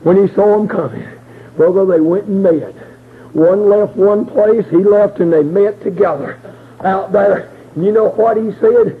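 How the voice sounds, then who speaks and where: Slow, high-pitched impassioned preacher man. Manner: impassioned, swinging from shouted cries to low murmurs. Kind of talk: sermon storytelling. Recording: tinny phone-line sound with faint hiss.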